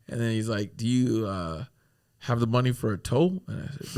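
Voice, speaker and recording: A man, a guest on a podcast, telling a story in a casual, animated way, often laughing through it and swearing freely. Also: fairly low pitch, brisk, creaky.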